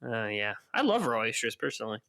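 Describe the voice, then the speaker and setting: A man co-hosting a book podcast, casually retelling chapters and voicing characters' lines a bit higher. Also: big pitch swings, quick pace, bright, forceful tone. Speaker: podcast co-host. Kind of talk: casual book-club recap.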